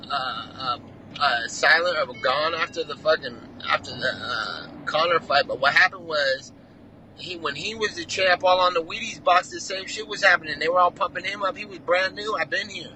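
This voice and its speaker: A man talking fast and loose over a remote video call, rambling through a heated story with slang and constant swearing. His voice is very bright and forward, pitched a bit high, with faint noise under the call audio. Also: rough recording. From California. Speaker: fighter guest. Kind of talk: casual profane interview talk.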